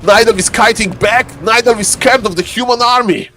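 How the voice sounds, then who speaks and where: A man streaming live commentary on a strategy game, lively and playful, teasing his chat. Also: moderate pace, hardly any pauses, a little hiss or hum. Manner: lively, playful, keeps saying "ladies and gentlemen"; shifts into a deeper joking voice for a subscriber.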